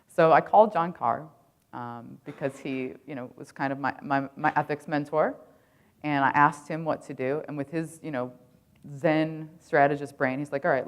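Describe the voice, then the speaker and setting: Woman in her thirties, very low pitch, keynote speaker, casual and profane storyteller. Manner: casual, profane, full of "like" fillers. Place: conference stage.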